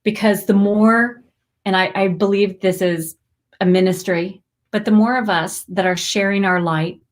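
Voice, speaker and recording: A woman in her forties hosts a spiritual livestream, talking in a heartfelt, rambling way. She breaks into bursts of excited greetings now and then. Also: medium pitch, a little slow. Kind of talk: emotional live stream chat.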